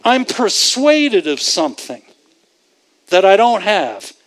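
High-voiced man preaching slowly and emphatically. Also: very animated. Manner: emphatic, repetitive, rhetorical questions, chuckling. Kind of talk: sermon.

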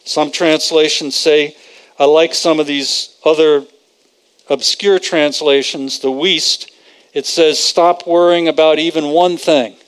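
A man's voice: fairly high pitch, steady tone, slow, clean tone. A man preaching a conversational sermon, repeating phrases for emphasis and quoting scripture.

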